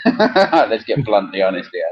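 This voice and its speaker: A man's voice: lowish voice, sing-song, a little slow, muffled recording. A man co-hosting a casual webcast chat, blunt and jokey, laughing often. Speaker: co-host, coach.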